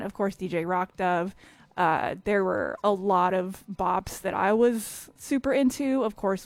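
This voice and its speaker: A woman's voice: medium pitch, no echo. A woman hosting a community radio music show, chatting casually and enthusiastically with many ums and little laughs, on a studio microphone. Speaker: radio DJ host.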